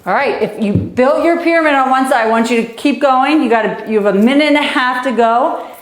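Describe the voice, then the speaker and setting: A woman's voice: high-pitched, brisk. Breathless, encouraging woman tennis coach. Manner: encouraging, coaching while hitting and counting. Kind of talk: live online kids' tennis lesson. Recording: echoey room.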